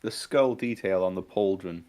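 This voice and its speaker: A man's voice: deep voice, moderate pace, darkish tone. A man chatting casually on a stream, laid-back, chiming in with short remarks. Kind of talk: casual chat.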